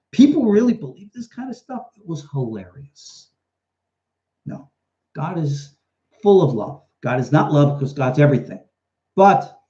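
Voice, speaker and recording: A man's voice: mid-range voice, mellow. A rabbi talks through viewer questions on a live stream, a man with a chatty, storytelling manner. His voice swings freely up and down as he talks. The sound is dull and lo-fi, like a webcam mic. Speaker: rabbi and teacher hosting a live Q&A. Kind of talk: casual live question-and-answer talk. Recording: dull lo-fi livestream audio.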